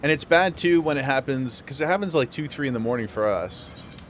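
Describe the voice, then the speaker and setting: A man's voice: mid-range voice, lively intonation, brisk, slight background noise. A man streaming a game, chatting casually with viewers and laughing often. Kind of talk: casual live-stream chat while gaming.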